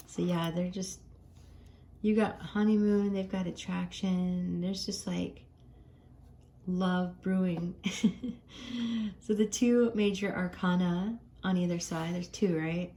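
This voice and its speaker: An American woman doing a casual tarot card reading for her viewers, chatty and gentle, often laughing. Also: fairly low pitch, a little hiss or hum.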